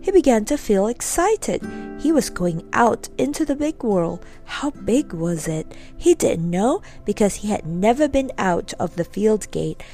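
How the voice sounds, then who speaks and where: A woman narrating a children's storybook in a gentle, expressive reading. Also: medium pitch, a little slow, soft background music.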